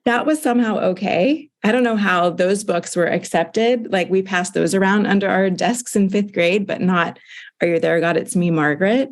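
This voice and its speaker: A woman in her late forties from Florida, a film director telling candid, wry stories in an interview. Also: fairly low pitch. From Jacksonville, Florida, USA. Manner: candid, wry, animated storytelling. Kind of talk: casual interview conversation.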